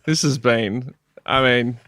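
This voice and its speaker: A man's voice: mid-range voice, slow pace, fairly bright tone. A man co-hosting a podcast, teasing and jokey in casual chat. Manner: teasing and jokey, laughs a lot. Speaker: podcast co-host.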